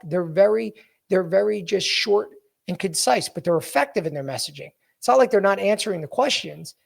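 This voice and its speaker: A man's voice: sits high, gravelly, darkish tone. A man hosting a podcast, coaching listeners bluntly through a resume, repeating his key points. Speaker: podcast host and sales coach. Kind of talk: coaching talk, walking through a resume on screen.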